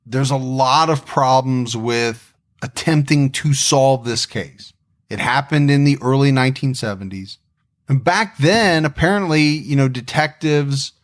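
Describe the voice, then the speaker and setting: A man co-hosting a podcast, talking in a reflective, conversational way with frequent restarts. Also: mid-range voice. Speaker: podcast co-host. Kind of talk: casual podcast chat.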